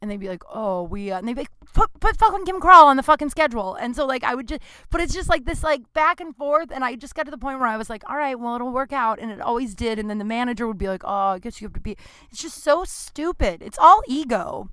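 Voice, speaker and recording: A woman's voice: on the high side, expressive, fast, a bit bright, clear, resonant tone, no room sound. A woman in her thirties hosting a podcast from a small home studio, telling a frank, casual story in which she swears freely and acts out the people she quotes. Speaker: podcast host. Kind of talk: casual monologue.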